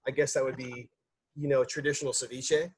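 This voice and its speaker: A man's voice: medium pitch, level tone, fairly quick, slightly rough. A man, a chef, giving a casual cooking demonstration in a loose, chatty way with lots of fillers and restarts.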